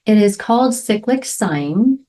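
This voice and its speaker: A middle-aged woman talks alone on her podcast in an earnest, reflective way. She keeps checking in with "right?" and fills pauses with soft "um"s. Her voice sits at an ordinary pitch for a woman. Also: expressive. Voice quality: emotional, near tears at moments. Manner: heartfelt, frequent "right?" and "um" fillers. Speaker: podcast host. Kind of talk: reflective solo podcast talk.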